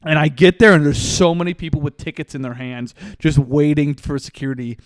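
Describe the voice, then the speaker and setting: A man hosting a podcast, casually telling a lively story and laughing often. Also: on the high side, fairly quick, no echo. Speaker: podcast host. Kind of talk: casual chat.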